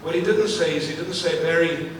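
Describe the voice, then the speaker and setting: A man from Africa giving an energetic live keynote speech on stage, repeating phrases and putting questions to the audience. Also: a little high, fairly quick, a little hiss or hum. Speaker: motivational speaker. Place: large event venue, on stage. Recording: echoey hall, mic at a distance, faint ambience.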